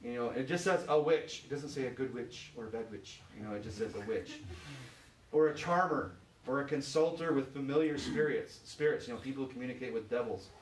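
A man from Michigan preaching an informal sermon as pastor, chatty and full of "you know"s, pausing to ask the congregation questions. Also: mid-range voice, a little hiss or hum. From Michigan, USA. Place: church sanctuary. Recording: echoey church, voice from far off.

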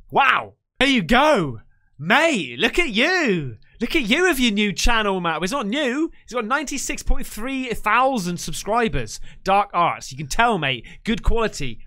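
A man hosting a reaction video, excitable and swearing, calling out "mate" often. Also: sits high. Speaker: reaction channel host. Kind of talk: casual reaction commentary.

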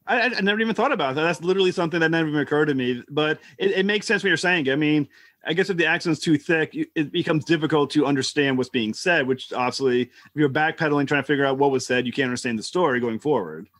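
A man's voice: fairly high pitch, quick pace, a bit bright, dry recording. A man hosting a podcast interview, easygoing and chatty, often restarting his sentences. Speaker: podcast host. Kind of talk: casual interview chat.

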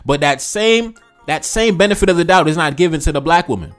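A man's voice: a little high, expressive, brisk, fairly bright tone, faint music behind. A man with an American accent hosting a reaction video, talking passionately in slangy street speech and repeating phrases for emphasis. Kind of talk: fired-up commentary on viewer comments.

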